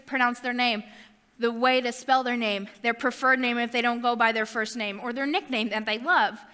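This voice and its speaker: A woman's voice: high voice, bright, forceful tone, big-room sound. A young adult woman giving a casual youth sermon, chatty with self-deprecating asides. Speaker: youth ministry speaker.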